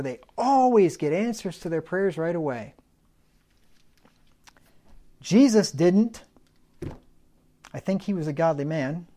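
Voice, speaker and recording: A man's voice: high voice, dark tone. A man preaching a sermon in a conversational teaching manner, defining words and adding folksy humorous asides.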